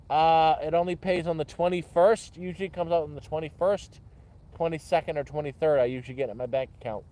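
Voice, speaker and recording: A man's voice: on the high side, dark tone. A man rambling in a casual, repetitive chat by a campfire, with restarts and swearing. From Canada. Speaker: vlogger. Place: outdoors by a campfire.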